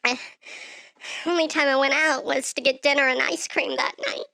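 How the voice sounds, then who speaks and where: A woman vlogger telling a dramatic storytime monologue, often jumping into shrill shouted outbursts. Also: fairly even intonation, normal speed, gravelly, no echo.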